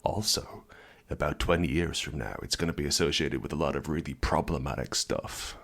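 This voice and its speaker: A man doing a hushed, deep Morpheus. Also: moderate pace, vocal fry, full character voice. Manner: hushed, low, murmuring. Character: insecure bragging male mentor Morpheus. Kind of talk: comedic improvised movie parody.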